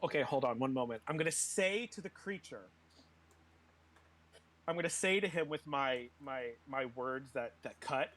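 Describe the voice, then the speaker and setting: A man playing a tabletop game, talking through spells and rolls in a halting way, laughing often. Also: mid-range voice, a bit bright. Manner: giggly, halting rules talk. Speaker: player.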